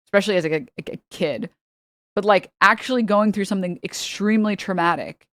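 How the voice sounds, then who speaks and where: A woman's voice: mid-range voice, no room sound. A young woman streamer reacting heatedly on a live stream, profane and full of stumbling restarts.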